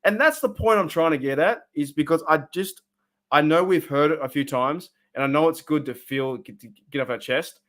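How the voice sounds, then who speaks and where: An Australian man streaming from his room, ranting bluntly about his team, his voice rising loud and dropping to a mutter. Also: fairly high pitch, fairly quick. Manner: fired-up, blunt, swings between loud and muttered. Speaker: sports fan streamer. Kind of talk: emotional live-stream rant.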